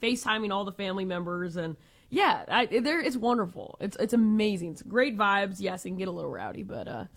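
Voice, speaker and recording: Woman radio co-host, mid-pitched, animated storyteller, quick to laugh. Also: creaky. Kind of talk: casual sports radio chat.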